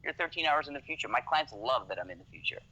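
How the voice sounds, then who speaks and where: A man's voice: medium pitch, expressive, fast, sharp tone, a little hiss or hum, low-quality recording. A man from Canada, a podcast guest talking casually, swearing freely and often checking "you know what I mean". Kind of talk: casual conversation.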